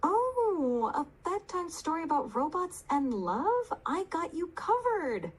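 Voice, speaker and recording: A woman's voice: extremely high pitch, very animated, slow pace, poor audio. A synthetic woman's voice from an AI assistant, telling a bedtime story in a bubbly, theatrical way. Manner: bubbly and theatrical, hamming up the drama on request. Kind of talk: expressive storytelling.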